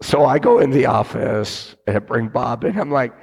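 Animated man telling a business story. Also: medium pitch, moderate pace, creaky, husky, long reverb tail. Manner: animated, acts out quoted voices. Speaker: business owner guest. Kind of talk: storytelling interview talk. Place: stage event.

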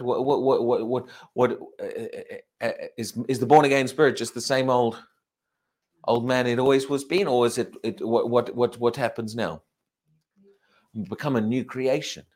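A man preaching a sermon, asking the congregation rhetorical questions, repeating himself and restarting phrases, and drawing out key words for emphasis. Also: medium pitch. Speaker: pastor.

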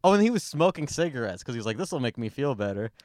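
A man's voice: medium pitch, big pitch swings, racing, a little mellow, dry recording, studio quality. A man co-hosting a podcast, telling funny family stories in casual chat and laughing through his punchlines. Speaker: podcast co-host.

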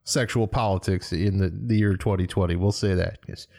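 A man's voice: deep voice, fairly even intonation, normal speed, creaky, a little mellow. A man co-hosting a casual movie review podcast, hesitant and dryly profane, with many fillers. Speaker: podcast co-host.

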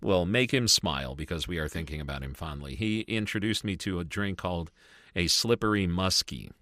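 A middle-aged man co-hosting a casual review podcast, telling stories in an animated, chatty way. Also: deep voice, brisk, dry recording, clean studio sound. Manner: animated, tells stories with lively asides. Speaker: podcast co-host. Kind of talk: casual chat.

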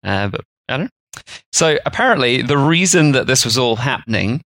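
A man's voice: mid-range voice, animated, moderate pace, fairly bright tone, no room sound, clean studio sound. A man, co-hosting a podcast and explaining food history in a rambling, chatty way. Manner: rambling, chatty storytelling with fillers. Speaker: podcast co-host. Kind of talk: casual explanatory chat.

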